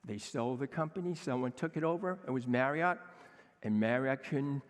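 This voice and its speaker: A man in his sixties, a chef giving an energetic, emphatic conference talk, acting out quoted dialogue. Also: mid-range voice, moderate pace. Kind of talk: conference speech. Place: conference hall with a seated audience. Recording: long hall reverb.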